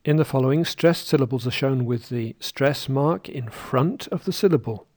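A man teaching English word stress in a deliberate, carefully articulated way, modelling words for learners to repeat. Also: mid-range voice, a little mellow. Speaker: pronunciation teacher. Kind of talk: slow, clearly spoken pronunciation lesson.

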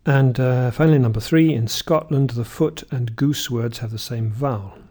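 A man teaching English pronunciation, reading word lists slowly and clearly and asking the listener to repeat. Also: mid-range voice, darkish tone. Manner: reads word lists slowly, often drawing words out, with "uh" fillers between them. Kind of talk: slow, deliberate pronunciation drill.

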